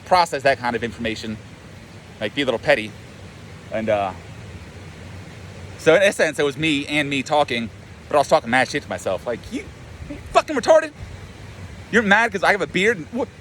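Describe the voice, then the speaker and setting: A man's voice: mid-range voice, fairly bright tone, slight background noise. A man and life coach talking in a rambling, profane, self-mocking way in a casual monologue.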